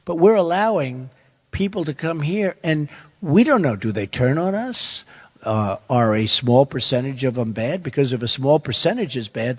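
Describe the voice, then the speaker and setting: A man's voice: on the high side, lively intonation, normal speed, long reverb tail. An older man answering questions as a political candidate, speaking emphatically, repeating phrases and wandering into asides. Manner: repetitive, emphatic, rambling asides. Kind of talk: campaign forum answer.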